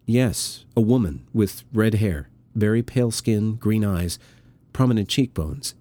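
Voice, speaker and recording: A man voicing a flustered, earnest man on a phone call, speaking eagerly and haltingly, raised above his narrating voice. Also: fairly low pitch, lively intonation, dark tone, no room sound, voice pushed up.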